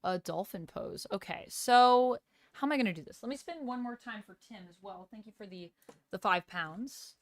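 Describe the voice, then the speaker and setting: A woman's voice: medium pitch, expressive, normal speed. A woman streamer in casual live-stream chat, upbeat and playful, thanking viewers and reading chat aloud while moving around doing exercises. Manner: upbeat and playful, laughs often.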